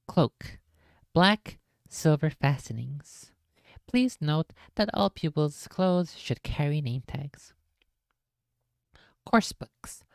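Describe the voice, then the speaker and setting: A woman streamer with a low voice reads a book aloud on a live stream, casual and jokey, with swearing asides. The sound is dry and close to the mic. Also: gravelly, a little mellow, no echo.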